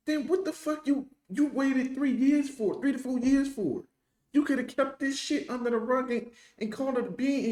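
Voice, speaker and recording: A man's voice: extremely high pitch, warm tone, echoey room. A man hosting a reaction video, giving blunt, profane, mocking commentary. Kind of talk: heated commentary.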